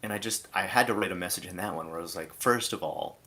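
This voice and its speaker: Deep-voiced man ranting on a livestream. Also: very fast, bright, forceful tone. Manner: exasperated, critical rant full of "like" fillers. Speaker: live streamer. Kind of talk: casual live commentary.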